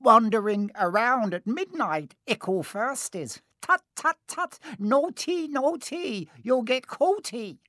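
A man voicing a mischievous, gleeful male poltergeist with a high, sing-song taunting voice. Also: expressive, takes it slowly, hardly any pauses, sharp tone, no echo, studio quality, exaggerated voice.

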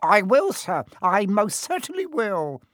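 Squeaky sly poltergeist, greasy and singsongy, swoops all over. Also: male voice, wildly swooping pitch, a little slow, a bit bright, no room sound, studio quality, full character voice. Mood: groveling. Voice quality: high, wheedling, sing-song. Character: cackling mischievous male poltergeist, sly and greasy. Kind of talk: audiobook character voice.

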